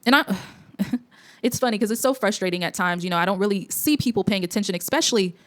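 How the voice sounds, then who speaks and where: A woman's voice: medium pitch, expressive, quick pace. A young woman hosting an opinion commentary vlog, talking in a preachy, blunt way with lots of fillers and restarts. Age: young adult. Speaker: commentary host.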